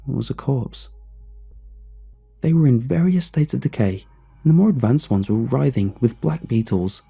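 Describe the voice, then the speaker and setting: A man narrating a first-person horror story in a measured, subdued reading. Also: on the low side, mellow, breathy edge.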